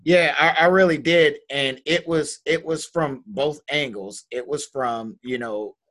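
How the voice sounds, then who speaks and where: A man's voice: a little high, a little slow, fairly bright tone. A man in a casual group discussion, speaking earnestly and restarting phrases as he builds his points. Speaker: panel guest and writer.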